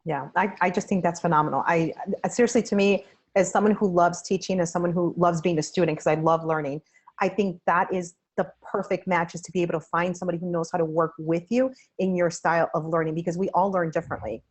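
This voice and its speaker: A woman's voice: fairly low pitch, steady tone, fast talker. Effusive woman webinar host. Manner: effusive, upbeat, praising. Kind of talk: enthusiastic interview hosting.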